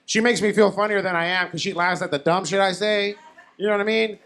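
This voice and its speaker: A young man with a notably high voice works a bar crowd through a handheld mic. His stand-up set is conversational and self-deprecating, and he keeps turning to the audience with questions. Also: steady tone, fast talker, a bit bright. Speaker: stand-up comic. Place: comedy bar stage. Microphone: handheld stage mic.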